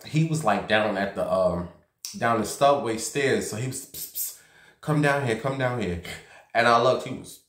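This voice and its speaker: A man's voice: fairly low pitch, fairly bright tone. A man vlogging casually from a basement room at home, telling a gossipy story and acting out the voices of the people in it. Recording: roomy echo.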